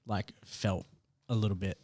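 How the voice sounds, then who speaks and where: Laid-back Australian podcast co-host. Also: male voice, on the low side, fairly even intonation, moderate pace, a little mellow, no echo, studio quality. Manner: laid-back, filler-heavy, reassuring. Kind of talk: casual podcast chat.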